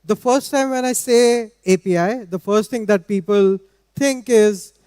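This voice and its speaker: A man giving a technical talk at a conference in a measured, explanatory way. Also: high voice, darkish tone, smooth, no echo, studio quality, big-room sound. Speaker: conference speaker. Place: large conference hall.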